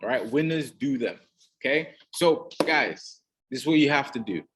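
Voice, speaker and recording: A man's voice: medium pitch, lively intonation, moderate pace, noisy background. A man giving an emphatic motivational talk as a business mentor, often checking in with "right?". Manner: emphatic, keeps adding "right?".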